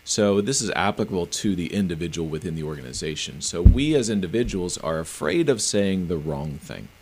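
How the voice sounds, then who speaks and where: A man's voice: deep voice, expressive, a little fast, a little mellow, a little hiss or hum. A middle-aged man, a professional speaker and author, answering interview questions in an earnest, emphatic way. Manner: emphatic, earnest, explains in practical steps.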